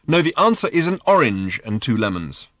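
A man voicing a polite, curious shape-shifting bird in an audiobook, in a pleasant light tenor, asking brisk matter-of-fact questions. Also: medium pitch, very animated, fairly bright tone, no echo, studio quality. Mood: brisk, inquisitive. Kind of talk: audiobook character voice.

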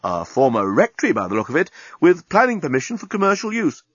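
A man voicing a smug male alien navigational officer who speaks slowly and deliberately, in a storybook reading. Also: on the high side, huge pitch swings, husky, no room sound, pitched above the performer's own voice, exaggerated voice. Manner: slow, deliberate and superior. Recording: dull lo-fi recording.

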